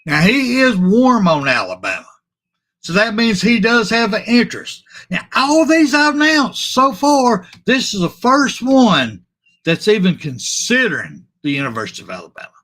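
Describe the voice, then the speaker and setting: A man's voice: extremely high pitch, measured pace. A man hosting a casual sports talk stream, reading viewer comments aloud, repeating himself and apologizing as he goes. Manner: animated and repetitive, trailing off and apologizing. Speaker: sports talk show host.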